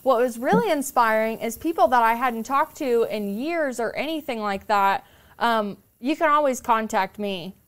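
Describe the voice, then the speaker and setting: A woman's voice: a little high, animated, moderate pace. A young woman telling stories as a podcast guest, candid and casual, swearing freely and acting out other people's voices. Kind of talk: casual storytelling chat.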